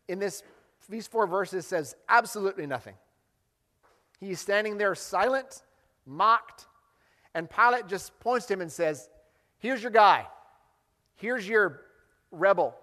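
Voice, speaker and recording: Male pastor, high-pitched, animated preaching, echoing church hall. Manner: animated, acts out quoted lines. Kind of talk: sermon.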